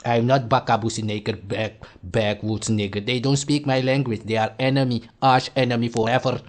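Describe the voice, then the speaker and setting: A man rants in a heated, insulting way. He repeats his points forcefully and talks at a middling pitch. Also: steady tone, fairly quick. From Suriname. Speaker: commentator. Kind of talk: angry reaction rant.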